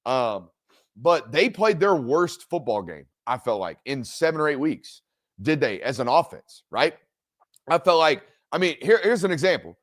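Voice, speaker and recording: A man, hosting a football reaction stream in a casual, animated way and talking straight to his viewers. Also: on the high side, moderate pace, no echo, clean studio sound. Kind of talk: casual commentary.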